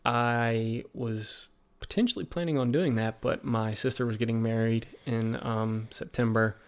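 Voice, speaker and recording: Southern guy from virginia, gravelly voice, chatty rambly podcast guest. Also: mid-range voice, steady tone, a little slow. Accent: Southern American. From Virginia, USA. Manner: rambling, full of fillers and quoted asides. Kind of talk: casual conversational storytelling.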